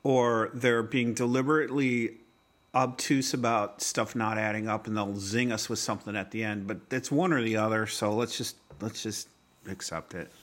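A man's voice: fairly low pitch, steady tone, normal speed, fairly bright tone. A man co-hosting a podcast, talking casually in a wry, rambling way with frequent restarts. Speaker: podcast co-host. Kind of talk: casual chat.

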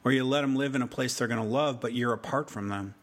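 A man co-hosting a casual TV recap podcast, thinking out loud and posing questions. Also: mid-range voice, quick pace. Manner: musing, thinks aloud with questions. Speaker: podcast co-host.

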